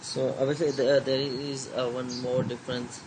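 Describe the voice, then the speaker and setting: A man giving a recorded slide lecture, reading haltingly with many fillers and switching into Hindi to explain. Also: medium pitch, little pitch movement, noisy background.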